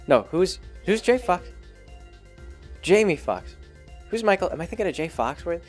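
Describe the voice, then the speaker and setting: A man's voice: high-pitched, lively intonation, normal speed, faint music behind. Chatty man rambling in a vlog. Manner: loose and chatty, full of "like" fillers; chuckles as he talks. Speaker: vlog host. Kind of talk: casual rambling chat.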